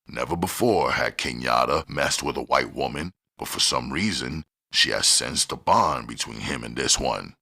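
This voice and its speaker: Audiobook reader: man, extremely low and gravelly, bright-edged tone, steady delivery. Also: moderate pace, few pauses. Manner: steady, plain reading with gritty dialogue. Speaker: audiobook narrator. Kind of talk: scripted narration.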